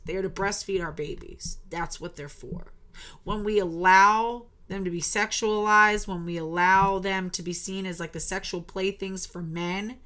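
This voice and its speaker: A woman's voice: mid-range voice, a bit bright. A woman in her thirties, a birth worker, giving a blunt, emphatic monologue and swearing when heated. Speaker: birth worker and podcast host. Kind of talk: impassioned monologue.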